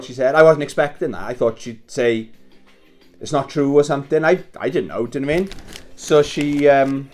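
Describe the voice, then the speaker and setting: A man's voice: mid-range voice, a little fast, a little mellow. A man in his thirties casually telling a story while wrapping presents, swearing and chuckling as he talks. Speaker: vlogger. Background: Christmas music playing faintly.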